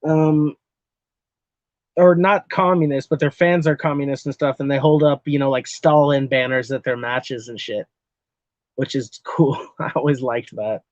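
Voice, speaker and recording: A man's voice: medium pitch, fairly even intonation, a little slow, no room sound. Man, from Texas, live-stream chat, profane, rambling, laughs a lot, dull lo-fi sound.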